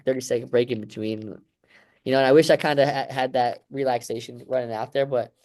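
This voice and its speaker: Man, thirties, mid-pitched, reflective interview guest, rambling and emotional, many fillers. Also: fairly even intonation, quick pace, darkish tone. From United States. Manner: emotional, rambling, heavy fillers like "you know" and "right". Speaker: guest, Olympic wrestler.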